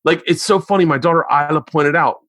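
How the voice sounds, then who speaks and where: Brief: male podcast host, forties, animated storyteller, dry close sound. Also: fairly high pitch, brisk, no echo. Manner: animated storyteller, swears a lot, acts out quotes. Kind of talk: casual chat. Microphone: remote podcast mic.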